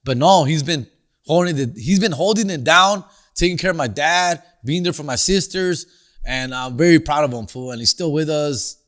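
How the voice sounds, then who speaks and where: A man's voice: on the high side, moderate pace, fairly bright tone. A man hosting a comedy podcast, telling a story in a slangy, profane, casual way. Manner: answers listener questions.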